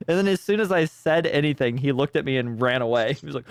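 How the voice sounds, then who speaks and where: A man's voice: medium pitch, expressive, fast, clean tone, dry recording, studio quality. A man streaming a detective game, rambling and sarcastic in casual commentary at a desk microphone.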